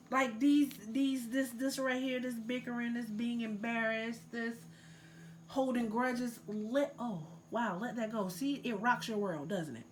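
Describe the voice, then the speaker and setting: A woman's voice: fairly high pitch, a little slow, slight background noise. A woman giving a casual tarot reading, loose and full of fillers, earnestly urging the listener to let go. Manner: loose and filler-heavy, many likes and ums. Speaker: tarot reader.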